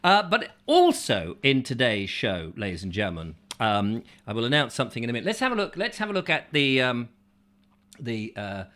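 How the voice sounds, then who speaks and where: Guy hosting a chatty show, rambly and silly, lively up-and-down voice, bright tone. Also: medium pitch, moderate pace. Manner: playful, rambling, silly asides. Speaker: host. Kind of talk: chatty live show, reading viewer comments.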